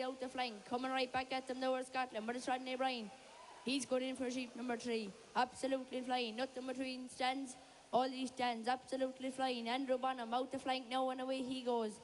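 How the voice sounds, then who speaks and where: A woman giving fast, excited live play-by-play commentary on a shearing contest over a PA in a large hall. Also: sits high, a little hiss or hum.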